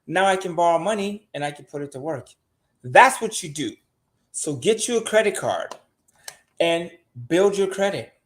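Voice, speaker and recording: A man's voice: high-pitched, lively intonation, normal speed. An older man, a show regular, giving blunt money advice in casual podcast talk and swearing freely.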